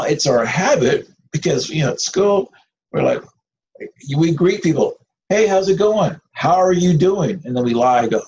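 A man's voice: mid-range voice, gravelly, darkish tone. A man preaching an informal sermon in a conversational, rambling way, with restarts and asides. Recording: dull lo-fi recording with faint noise.

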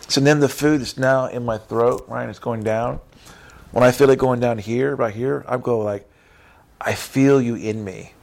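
A man giving a lively sermon in a voice of middle pitch. He jumps between soft, hushed prayer and loud, high-pitched impressions of gossiping churchgoers, and he keeps asking "right?". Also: creaky. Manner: acts out church members in character voices, says "right?" often. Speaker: preacher. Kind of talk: animated sermon.

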